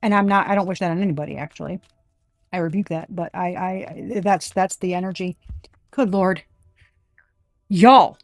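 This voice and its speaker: A woman's voice: on the low side, moderate pace, long pauses, dry recording. Blunt, profane woman doing a tarot reading. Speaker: tarot reader.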